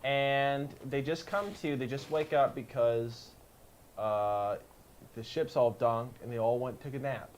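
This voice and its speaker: A man's voice: mid-range voice, a little slow, a little hiss or hum. A young man co-hosting a casual podcast, animatedly retelling a show with silly voices and sound effects. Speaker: podcast co-host. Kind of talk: casual chat, recapping a show.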